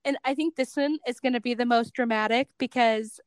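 Chatty podcast host lady, high voice, super dry close sound, laughs at herself a lot. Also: steady tone, a little fast, clear, resonant tone, no room sound. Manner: chatty, self-deprecating, giggly. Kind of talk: casual podcast conversation.

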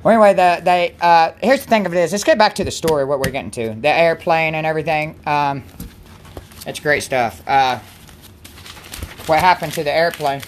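A woman with a lowish voice rambles through a casual devotional chat on a stream. She keeps breaking off and restarting her sentences in a chatty, loose way. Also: moderate pace, slight background noise. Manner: rambling, self-interrupting, chatty. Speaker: host of a Christian livestream.

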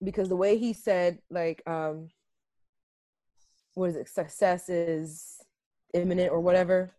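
A woman co-hosting a podcast in casual chat, animated and acting out quotes in voices. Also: lowish voice, a little slow, no echo. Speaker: podcast co-host.

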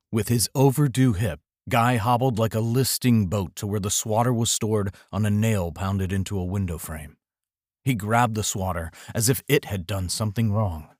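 A man narrating a short story in an expressive, dramatic reading style. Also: fairly low pitch, no echo, studio quality. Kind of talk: audiobook storytelling.

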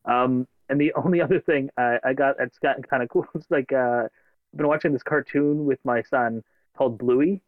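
A man who is a father, co-hosting a podcast and telling stories in an animated way, laughing as he talks. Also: medium pitch, normal speed, no room sound, phone-quality sound. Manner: animated storyteller, laughs while talking. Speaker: podcast co-host. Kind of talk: casual chat.

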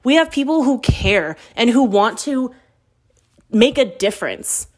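Thirties woman, podcast host, animated confessional storyteller who pokes fun at herself. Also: on the high side, measured pace. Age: 30s. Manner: animated, candid, self-mocking storytelling. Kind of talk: casual confessional chat.

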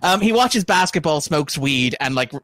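A man's voice: on the high side, animated, moderate pace, a bit bright. A man co-hosting a podcast, chatting casually and rambling about films, with restarts and laughs while he talks. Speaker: podcast co-host, film fan. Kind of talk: casual chat.

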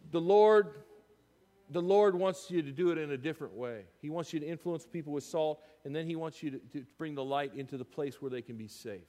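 A man preaching to his congregation in a somewhat high voice, swinging between loud excited bursts and quiet asides. The long reverb of a church hall trails after his words. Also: fairly quick. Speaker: pastor. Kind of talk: storytelling sermon. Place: church sanctuary.

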